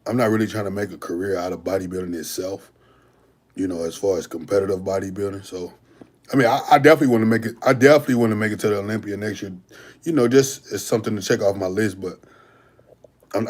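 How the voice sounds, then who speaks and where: A man's voice: deep voice, quick pace, a little mellow. Laid-back man answering livestream chat. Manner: laid-back, chats with viewers, slangy, restarts often. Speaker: bodybuilder livestream host. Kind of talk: casual livestream Q&A.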